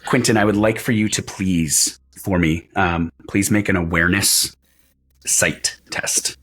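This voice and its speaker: A man's voice: sits low, a little slow, fairly bright tone. A man narrating as game master of a tabletop role-playing session, describing scenes at length with frequent restarts.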